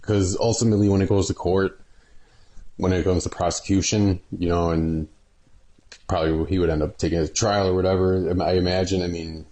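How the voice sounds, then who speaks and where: A man with a very deep, flat voice talks in a casual chat. His tone is dark and calm as he explains things matter-of-factly, cursing in passing. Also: fairly quick.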